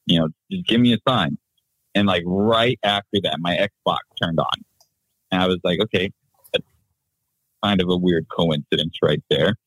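Young adult male guest, laid-back and low, a little husky, casual swearing. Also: a bit bright, dry recording, low-quality recording. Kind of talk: casual storytelling.

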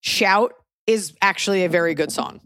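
A woman's voice: medium pitch, normal speed, a bit bright, dry recording, clean studio sound. A woman hosting a podcast, chatting casually and telling rambling, joking stories with the odd swear word. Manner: chatty, loose storytelling with jokes and swearing. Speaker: podcast host. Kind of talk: casual chat.

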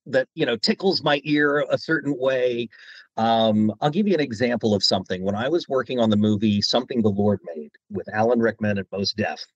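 Husky-voiced man, lively storyteller. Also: mid-range voice, no room sound, highs cut off. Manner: animated, drops into quoted voices. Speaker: guest voice actor. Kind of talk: interview storytelling.

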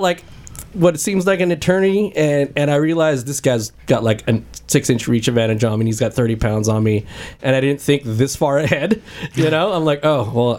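A man in a lively group podcast chat, telling a story with energy and swearing freely. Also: on the high side. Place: room with several people.

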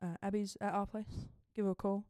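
A young Australian woman co-hosting a podcast and telling a story in casual chat. She talks in an animated way, laughs often and swears freely. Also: mid-range voice, fairly quick, no echo, studio quality. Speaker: podcast co-host.

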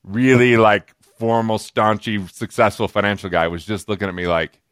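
A man from Utah tells stories as a podcast guest, animated and joking, slipping into quick asides. His voice sits a little low. The sound is close and dry. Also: smooth, dry recording. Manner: animated, jokey, quoting others in quick asides. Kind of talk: casual storytelling.

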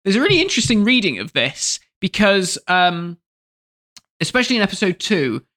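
Bright-voiced man, animated podcast chat. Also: high-pitched, a little fast. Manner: animated, laughs often, quotes scenes in put-on voices. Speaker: podcast co-host. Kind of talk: casual chat review.

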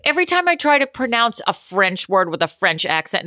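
A woman comedian co-hosting a podcast, chatting casually, animated and quick to laugh. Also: mid-range voice, no echo, clean studio sound. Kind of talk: casual chat.

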